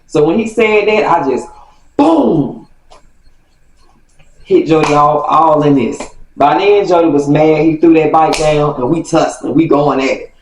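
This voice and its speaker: A woman vlogger telling a story from her youth, animated and acting out the quotes. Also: low voice, moderate pace, slight background noise. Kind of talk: casual storytime. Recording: roomy, distant mic.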